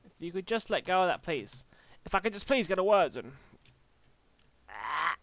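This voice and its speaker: A young Australian man records goofy game commentary at a desk mic, playing with silly voices. His voice is bright and swoops all over the place, a little high for a man. A faint hiss sits under the recording. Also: very animated, normal speed, gravelly. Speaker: gaming YouTuber.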